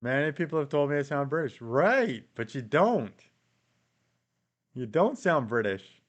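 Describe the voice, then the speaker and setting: A Canadian man hosts a relaxed live stream, reading viewer comments out loud and answering each one. His voice sits a little higher than most men's, and he chuckles often as he talks. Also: measured pace, muffled recording. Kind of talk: casual live-stream chat.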